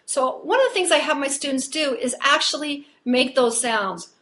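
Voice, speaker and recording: Woman voice coach, high register, chatty explanatory delivery, for a singing tutorial. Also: moderate pace, a bit bright. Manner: explanatory, conversational teaching. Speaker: voice teacher. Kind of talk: vocal technique lesson.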